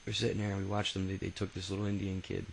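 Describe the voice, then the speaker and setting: Speaking very fast in a low, creaky voice with a completely flat delivery, a man narrates his autobiography as a casual spoken memoir. The recording is rough with slight background noise, and he rambles, curses freely, and often stops for fillers and restarts.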